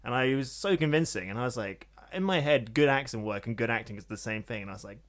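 A man's voice: medium pitch, expressive, fast talker. Chatty man hosting a podcast. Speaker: podcast host. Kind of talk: casual chat.

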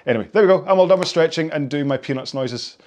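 A man's voice: on the high side, fast talker, a little mellow, faint music behind. Rambling, chatty male fitness host. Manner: rambling, chatty and self-mocking, drifts off topic. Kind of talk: casual talk while leading stretches after a rowing workout.

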